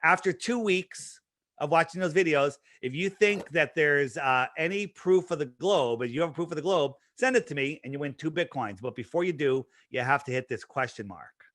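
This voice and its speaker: Energetic man with a higher voice. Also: normal speed, no echo, clean studio sound. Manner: energetic, emphatic, with frequent restarts and fillers. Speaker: interview guest. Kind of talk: casual promotional talk.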